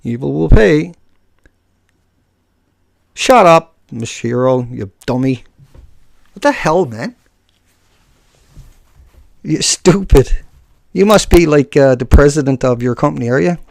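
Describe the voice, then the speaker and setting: A man with a gravelly, creaky voice talks straight at his viewers on an unscripted live stream. He goes after a commenter with scorn and taunts. The sound is dry and close, with no room echo. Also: mid-range voice, a little slow, pauses often, a little mellow. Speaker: live streamer answering chat.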